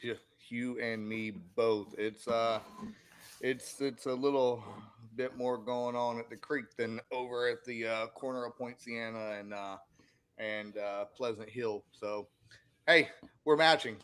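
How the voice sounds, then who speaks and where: A man's voice: mid-range voice, fairly even intonation, measured pace, fairly bright tone, smooth. A man co-hosting a sports podcast, chatting casually and rambling with many fillers and restarts. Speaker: podcast co-host.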